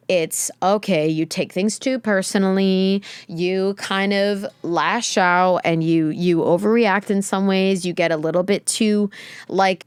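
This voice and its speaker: A woman's voice: mid-range voice, smooth, no echo. A young woman hosting a podcast, talking candidly and emotionally in a rambling, reflective way with many fillers. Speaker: podcast host. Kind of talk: candid solo talk.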